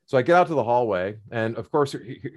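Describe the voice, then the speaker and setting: A man's voice: mid-range voice, animated, fast. A middle-aged man casually telling a long personal story, rambling with many fillers and restarts.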